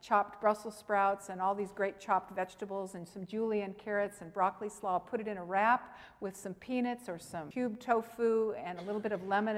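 Woman seminar presenter, emphatic and animated, long hall reverb. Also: mid-range voice. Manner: emphatic, animated, talks to the audience directly. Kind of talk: lively teaching with personal stories.

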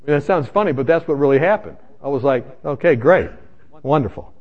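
A man races through his sermon testimony in a fairly high, animated voice, the recording's highs cut off. He tells his own story emphatically, speaking straight to the people listening.

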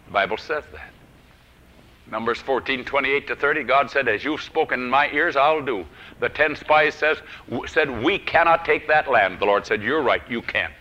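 A man preaching a sermon, telling a personal story and swinging from loud declarations to hushed whispers. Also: mid-range voice, normal speed. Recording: dull lo-fi old recording.

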